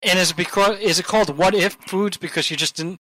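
A man's voice: sits high, a little fast, sharp tone, dry recording, poor audio. A man co-hosting a podcast, bantering in a jokey, playful way. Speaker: podcast co-host. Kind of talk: casual banter.

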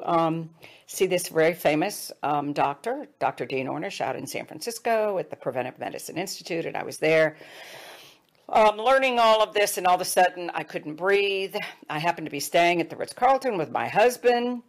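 Middle-aged woman, low gravelly voice, earnest storyteller. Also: expressive, moderate pace. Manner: earnest, drops to hushed tones for quoted advice. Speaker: speaker. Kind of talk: personal storytelling talk.

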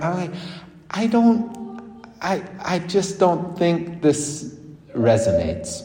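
A man's voice: fairly high pitch, a little hiss or hum. A man, a Catholic priest, giving a casual, chatty homily with laughing asides. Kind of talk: conversational homily. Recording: echoey church with long reverb.

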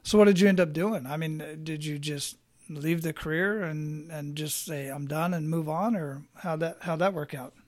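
A man's voice: fairly high pitch, fairly even intonation, normal speed. A man hosting an interview, reacting sympathetically and asking follow-up questions. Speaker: host, interviewer. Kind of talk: conversational interview.

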